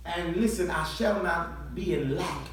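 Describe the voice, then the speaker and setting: A man preaching a sermon, building from quiet talk into shouted call-and-response to the congregation. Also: fairly high pitch, measured pace, crowd noise. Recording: echoey church from far off.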